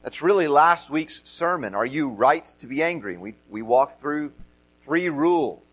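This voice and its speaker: A man's voice: on the high side, lively intonation, unhurried, a bit bright, breathy edge, low-quality recording. A middle-aged man preaching a sermon as pastor, earnest, often repeating and stressing key phrases.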